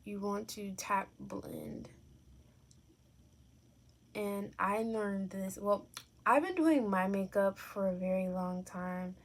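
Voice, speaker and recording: Slow, chatty young woman vlogger. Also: mid-range voice. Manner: chatty and candid, with fillers and self-corrections. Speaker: makeup vlogger. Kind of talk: casual makeup tutorial. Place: at home, filming herself.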